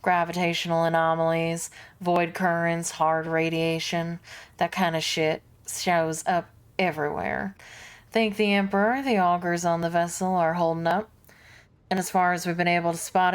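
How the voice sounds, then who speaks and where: A woman voicing a gruff veteran male starship helmsman in a put-on Southern American accent, blunt and folksy. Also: on the low side, flat delivery, normal speed, close to an everyday voice. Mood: grumbling. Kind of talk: reading game dialogue aloud.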